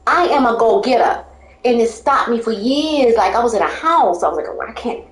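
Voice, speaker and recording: A woman's voice: a little high, lively intonation, normal speed, roomy sound. A woman telling her life story in casual talk, rambling and emphatic, often breaking into laughter.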